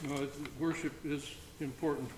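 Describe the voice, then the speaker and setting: A man leading an informal Bible study, reading scripture aloud between halting comments. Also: a little high, level tone, darkish tone. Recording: roomy echo, faint background noise.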